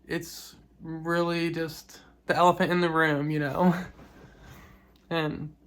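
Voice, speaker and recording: A woman talking in a personal vlog, soft and reflective, grieving, with small laughs between her words. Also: sits low, flat delivery, takes it slowly. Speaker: vlogger.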